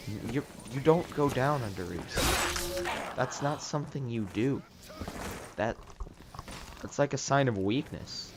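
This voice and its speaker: A man's voice: medium pitch, lively intonation, unhurried, pauses often, heavy background noise. A man doing casual commentary over an online game, sarcastic and ranting, swearing freely and joking about the other players. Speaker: gaming YouTuber.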